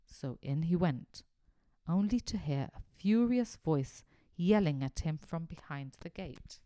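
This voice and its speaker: Brief: expressive female storybook narrator, varied delivery, dry sound. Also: low voice, slow, no room sound. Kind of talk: storybook reading.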